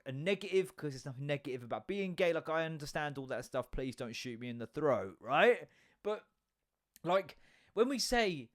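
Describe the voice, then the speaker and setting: A young man hosting his own podcast, rambling and joking with lots of swearing and sudden loud bursts. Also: on the high side. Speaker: podcast host. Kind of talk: casual solo podcast rant.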